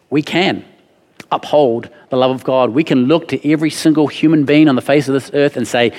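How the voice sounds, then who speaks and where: A man's voice: a little high, a little mellow, long reverb tail. A man preaching a sermon, earnest and emphatic, repeating his key phrases for weight. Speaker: pastor.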